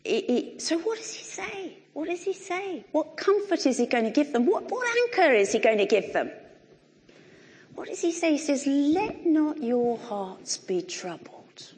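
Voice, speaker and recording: A middle-aged woman gives a sermon in a church, talking to the congregation as if chatting, with wry asides. Her voice sits fairly high and swings widely in pitch as she stresses points. The sound carries a long reverb from the hall around her. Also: normal speed. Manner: animated, conversational with wry humour. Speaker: preacher.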